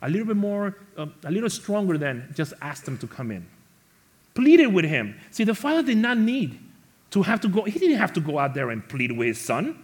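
A man preaching a sermon to his congregation, animated, acting out the quoted characters and rising to loud emphasis. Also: sits high, normal speed. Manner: speaks to the congregation as church family. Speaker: pastor.

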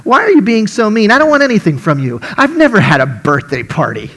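Man doing lonely, pleading woman, pitched up. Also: sing-song, fairly quick, fairly bright tone, full character voice. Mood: hurt, pleading. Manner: pleading and earnest. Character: a woman of 39, a hurt, lonely streetwalker.

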